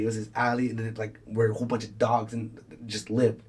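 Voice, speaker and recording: Young man, podcast host, husky voice, rambling casual storytelling, swears a lot, acts out quoted lines. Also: mid-range voice, little pitch movement, quick pace, darkish tone.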